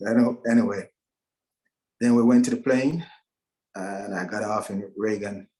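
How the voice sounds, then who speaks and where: Brief: middle-aged man with a lowish voice, telling his own story haltingly and emotionally on a video call. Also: steady tone, a little mellow. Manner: emotional, halting, with many restarts. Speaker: guest speaker at a virtual event. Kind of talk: personal testimony.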